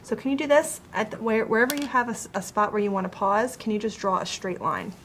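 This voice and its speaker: A woman teacher works one-on-one with a child, explaining calmly and step by step. Her voice sits at an ordinary middle pitch, gentle and encouraging. A faint background hiss runs beneath her. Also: quick pace. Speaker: writing teacher. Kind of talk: one-on-one writing coaching with a child.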